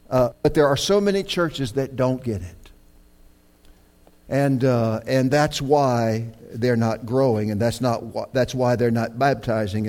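A man preaching a sermon, talking in a conversational, halting way with many fillers and repeated words, then rising to emphatic peaks. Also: mid-range voice, a little mellow.

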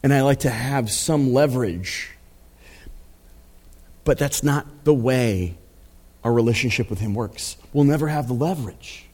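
Male pastor, mid-pitched, casual storytelling sermon delivery full of fillers. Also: a little slow, pauses often, a little mellow, slightly rough. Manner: conversational storytelling with frequent fillers and laughs.

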